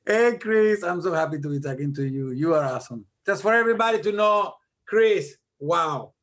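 A middle-aged man talking as a guest in a casual interview, animated and self-deprecating as he tells stories. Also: fairly high pitch, moderate pace. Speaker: guest music producer.

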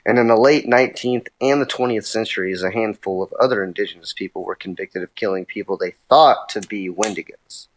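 A man's voice: lowish voice, fairly quick, few pauses, rough recording. Hesitant male podcast co-host. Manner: hesitant, many fillers and restarts. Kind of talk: casual podcast chat, reading quotes aloud.

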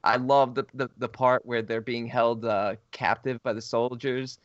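A man with a mid-pitched voice talks movies with easy enthusiasm, recalling scenes and quoting favourite lines. The recording is dry and a little dull, with no room sound. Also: flat delivery, dry recording. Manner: enthusiastic, quick to quote lines. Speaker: podcast co-host. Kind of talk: casual movie discussion chat.

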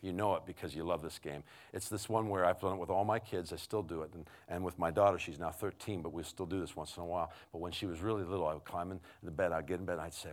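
A middle-aged man preaching in a conversational storytelling way, halting and restarting often, dropping to a hush and then rising loud. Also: deep voice, steady tone. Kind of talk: storytelling sermon.

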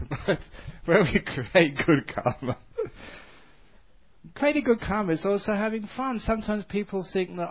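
Animated monk telling a story. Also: male voice, high voice, measured pace, dull audio. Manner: animated storyteller, laughs often. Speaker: Buddhist monk. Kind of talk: dharma talk with a told story.

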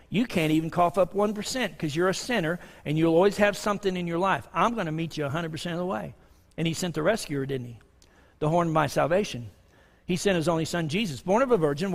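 A man preaching a sermon in a conversational style, swinging between loud emphasis and hushed asides. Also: high voice. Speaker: pastor. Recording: long reverb of a large hall.

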